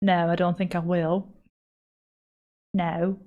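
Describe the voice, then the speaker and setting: A woman's voice: fairly low pitch, little pitch movement, takes it slowly, narrow, tinny audio. A young adult woman from the Netherlands, a native Dutch speaker with a Dutch accent, chatting casually and rambling while she draws on a livestream, swearing now and then. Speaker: art streamer.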